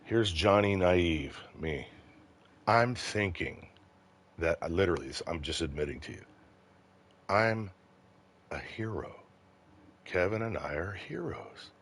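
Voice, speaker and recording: Low husky-voiced man telling a story. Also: slow pace, pauses often. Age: middle-aged. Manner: profane, animated storyteller. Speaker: former police officer telling a story. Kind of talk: casual storytelling chat.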